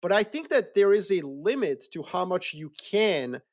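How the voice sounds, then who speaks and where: A man talking politics in a loose, animated way, swearing freely and acting out quick mocking voices. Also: sits high. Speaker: podcast co-host. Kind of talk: casual geopolitical discussion.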